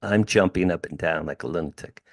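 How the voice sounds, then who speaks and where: An older man in his sixties from New Jersey, USA, a podcast guest, tells a story in an animated, emphatic way, addressing the host by name. His voice is low and a little fast, and he's in a room at home with drums.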